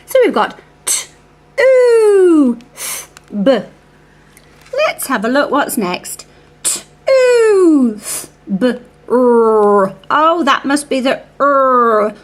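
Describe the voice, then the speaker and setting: Female reading teacher, high and very lively pitch, unhurried sing-song phonics coaching. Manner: slow, sing-song sounding out of speech sounds; coaxing, talks to a puppet helper. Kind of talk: phonics lesson for young children.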